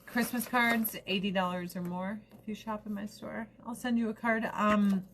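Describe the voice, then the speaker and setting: A woman's voice: medium pitch, steady tone, moderate pace, a bit bright, slight background noise. A woman in her thirties from the United States, chatting casually and rambling to the camera as a vlogger, swearing now and then.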